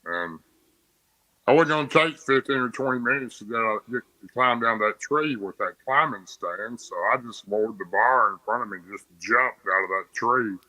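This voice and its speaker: Bright dry-voiced man telling a story. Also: medium pitch, moderate pace, no echo, rough recording. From Tennessee. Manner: plain, rambling storytelling with restarts. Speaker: podcast guest. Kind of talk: casual storytelling.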